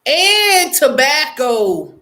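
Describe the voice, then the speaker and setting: A high-voiced woman hosts a casual news commentary show. She talks very slowly and stretches her words out for drama. Her pitch swoops up and down freely as she teases her listeners and laughs along. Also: sing-song, pushed and bright. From United States. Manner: playful, laughing, drawn-out dramatic delivery. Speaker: online show host.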